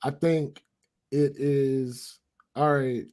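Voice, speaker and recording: A man co-hosting a podcast in casual chat, thinking out loud with restarts as he lays out his reasoning. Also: medium pitch, steady tone, drawn-out words. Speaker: podcast co-host.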